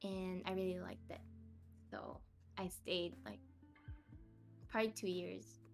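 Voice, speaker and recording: Brief: young American woman as a podcast guest, unhurried and giggly, self-mocking. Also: on the low side, steady tone, vocal fry, soft background music. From United States. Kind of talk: casual interview chat.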